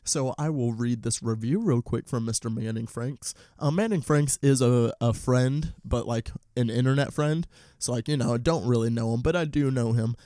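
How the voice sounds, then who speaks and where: A man's voice: moderate pace, no room sound, clean studio sound. A man hosting a solo movie podcast, talking casually with fillers, sometimes ranting in bursts. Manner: ranting, animated roast with rising pitch. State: out of breath. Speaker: podcast host.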